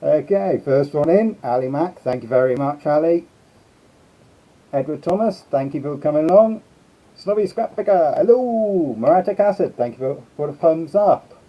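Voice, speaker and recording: A man's voice: a little high, lively intonation, moderate pace. A man hosting a casual live stream, chatting and greeting his viewers one by one. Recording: slightly dull lo-fi sound.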